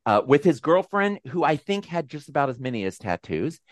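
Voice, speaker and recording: A man hosting a video call with supporters, telling a personal story in a casual, animated, self-deprecating way. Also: fairly high pitch, brisk, no room sound, studio quality. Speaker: host. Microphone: video call mic.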